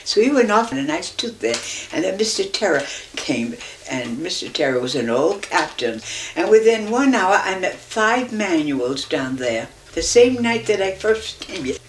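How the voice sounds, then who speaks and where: An older woman reminiscing in an interview, telling anecdotes in a lively way and acting out the voices of the people in them. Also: mid-range voice, a little slow, slight background noise. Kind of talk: reminiscing storytelling.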